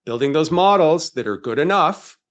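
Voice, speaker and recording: A man's voice: on the high side, lively intonation, moderate pace. A man hosting a live webinar, talking in an emphatic, rhetorical way and firing off questions that he answers himself. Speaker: webinar host.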